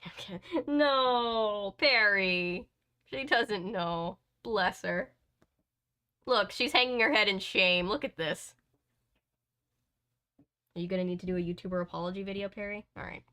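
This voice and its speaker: A woman reads a book aloud at home in a casual, chatty way. She keeps stopping to tease her cat playfully. Her voice is bright, and her pitch sits in a middle range. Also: moderate pace, long pauses. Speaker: host reading a book aloud. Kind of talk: casual chat and read-aloud.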